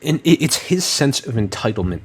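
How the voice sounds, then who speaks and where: Husky sarcastic male commentator. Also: medium pitch, big pitch swings, brisk. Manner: sarcastic, lecturing. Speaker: commentary co-host. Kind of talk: podcast commentary chat.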